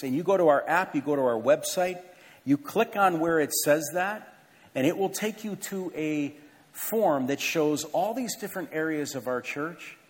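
Earnest pastor in a reverberant church. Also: male voice, mid-range voice. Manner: conversational, earnest, self-deprecating asides. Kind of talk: church announcements from the pulpit. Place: large church sanctuary with a balcony. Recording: long hall reverb in a church.

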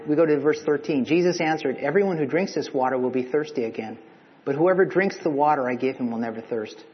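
A man's voice: fairly high pitch, fast. Male preacher, chatty sermon, long echoey hall, dull lo-fi sound. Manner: conversational, asks the listeners questions.

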